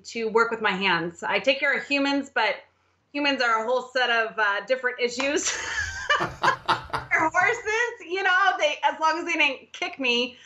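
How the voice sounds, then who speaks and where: A middle-aged woman, a podcast guest, telling her story in an animated way, often laughing and acting out quotes. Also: sits high, slight background noise. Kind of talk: casual storytelling interview.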